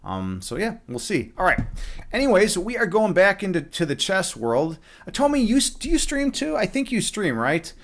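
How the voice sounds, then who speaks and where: A man's voice: high-pitched, huge pitch swings, moderate pace, fairly bright tone. A man live streaming a chess game, chatting casually from his home setup, rambling with lots of restarts and the odd swear word.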